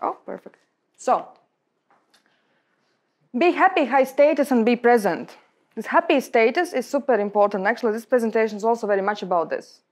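This guest speaker is a young Latvian-accented woman whose slightly high voice carries an emphatic, halting lecture in non-native English. Her subject is public speaking, addressed to a room of colleagues.

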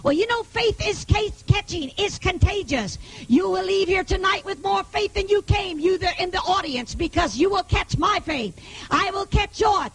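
A woman preaching her healing testimony to a live audience, emphatic and often rising to a shout. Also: very high voice, moderate pace, rough recording. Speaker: evangelist giving her testimony.

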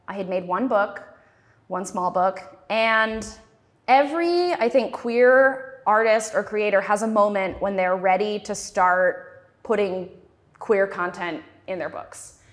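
A woman in her twenties giving a talk as a cartoonist, chatty and self-deprecating, with frequent ums. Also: mid-range voice. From Texas. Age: 20s. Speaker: cartoonist guest speaker. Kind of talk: festival talk, personal storytelling.

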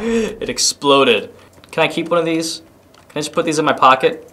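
A man commentating his gameplay with a bright, highish voice that swoops up and down in pitch. He bursts into loud, playful exclamations and goofy asides, keeping a lively, excitable energy throughout. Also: moderate pace, a little hiss or hum. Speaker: gaming host. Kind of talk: gaming commentary.

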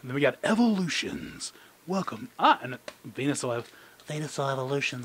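Excitable man opening card packs. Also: medium pitch, moderate pace, slight background noise. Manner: excitable and rambling, with sudden squeals of delight and self-mocking asides. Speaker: channel host. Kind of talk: casual card-pack opening commentary. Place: indoor room under an overhead light.

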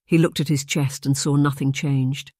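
A man narrating a historical romance audiobook at a steady, measured pace, his pitch in a middle range. The recording is dry and close, with no room sound. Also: no echo.

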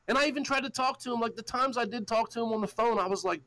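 A man's voice: high voice, big pitch swings, quick pace, hardly any pauses, fairly bright tone, no echo, low-quality recording. A man hosting a podcast, ranting in a heated, profane, storytelling way. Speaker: show host. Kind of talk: casual podcast rant.

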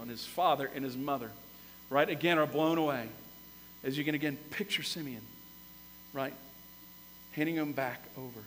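A man preaching a sermon as pastor, telling the story with lively, animated emphasis that swells to loud peaks. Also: a little high, normal speed, pauses often, long reverb tail, slight background noise, poor audio. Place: church sanctuary.

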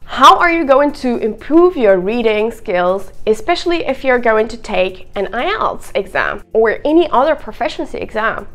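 Lively, animated woman teaching English. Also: fairly high pitch, moderate pace, hardly any pauses. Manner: expressive, playful, direct to camera. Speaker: English teacher and content creator. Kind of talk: energetic video lesson.

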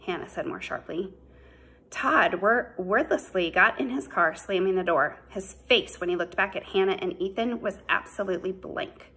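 Husky woman reading a novel aloud. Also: on the low side, pushed and bright, poor audio. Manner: measured, unhurried storytelling. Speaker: audiobook narrator. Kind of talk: audiobook narration.

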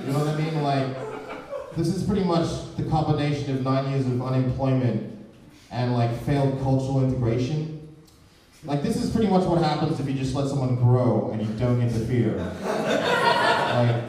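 A man's voice: mid-range voice, brisk, darkish tone, a little hiss or hum. A man doing a stand-up comedy set, rambling and sardonic in his observations. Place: live comedy venue, indoors. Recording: echoey live room, distant mic, crowd. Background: audience laughter.

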